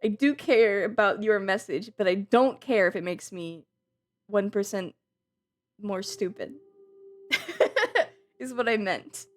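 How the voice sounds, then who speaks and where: A woman's voice: mid-range voice, a little slow. A woman streamer chatting casually and giggling as she reads and answers her chat, with a careless swear now and then.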